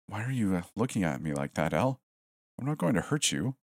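A man's voice: on the low side, big pitch swings, brisk, dry recording, clean studio sound, voice pushed up. A man voicing a cornered, defiant college student in a horror story, speaking in a raised, incredulous, pleading voice.

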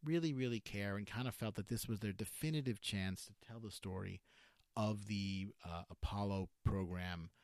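Low, dry-voiced man reviewing, full of fillers. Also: a little mellow, no room sound. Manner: halting, many filler words and self-corrections. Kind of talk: unscripted spoken review.

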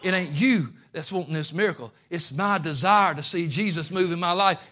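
A man pastor preaching a fervent sermon, moving from quiet asides to shouting. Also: a little high, a little fast, some chatter behind, a little hiss or hum. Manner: fervent, swings from hushed to shouting.

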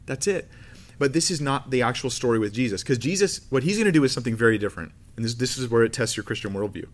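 Male Bible teacher, casual and joking, mid-pitched. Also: lively intonation, fast. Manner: conversational, joking, frequent restarts.

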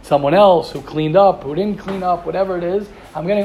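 A gravelly-voiced man speaks with a lilt, teaching students in a yeshiva class. He repeats his points and fires off rhetorical questions, his voice sitting somewhat high. A faint hiss runs underneath. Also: fairly quick, hardly any pauses. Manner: animated, repetitive, rhetorical questions. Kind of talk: Torah class talk to students.

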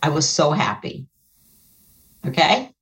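A middle-aged woman, a guest and author, earnestly telling an emotional personal story, her voice jumping high when she relives moments. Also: animated, slow, a bit bright.

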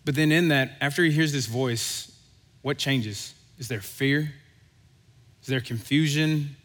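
A man preaching a sermon in an easygoing, conversational voice that livens up as he tells a story and acts out the voices in it. His voice sits at an ordinary middle pitch. A long reverb tail follows him through the hall. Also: measured pace, a bit bright. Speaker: pastor.

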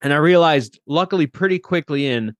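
A man's voice: on the high side, expressive, brisk, no room sound, clean studio sound. A man who is a guest on a tabletop gaming podcast, chatting casually with bursts of enthusiasm.

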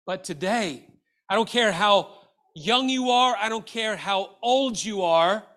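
Bright-voiced earnest middle-aged male preacher. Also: sits high, expressive, slow. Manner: earnest and exhortative, with rhetorical questions. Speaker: pastor. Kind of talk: sermon.

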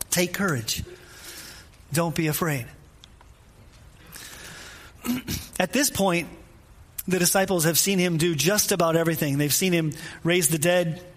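A man's voice: high voice, normal speed, a little hiss or hum. A man preaching a conversational sermon, repeating phrases for emphasis and putting questions straight to his listeners. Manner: informal, asks listeners questions directly.

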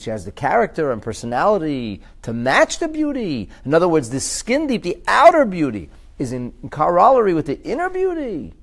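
Animated man teaching Talmud. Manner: animated, pitch jumps high for emphasis and acted quotes; restarts and repeats words while explaining. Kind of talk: recorded Talmud class.

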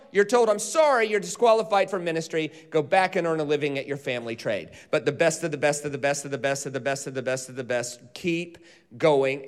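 Male pastor, high voice, lively teaching sermon that rouses the congregation. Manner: animated teaching, leads congregation in call-and-response. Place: church auditorium.

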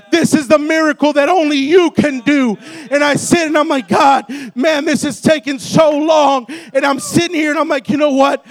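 High, gravelly man preaching loudly. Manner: shouting, rousing. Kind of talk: impassioned sermon. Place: church.

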